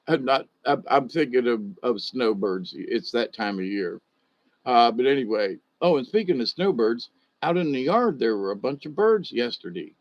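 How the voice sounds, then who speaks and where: A man's voice: mid-range voice, sing-song, unhurried, dull audio. A man, telling folksy stories and rambling with chuckles. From Georgia, US. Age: 60s. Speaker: monologue host.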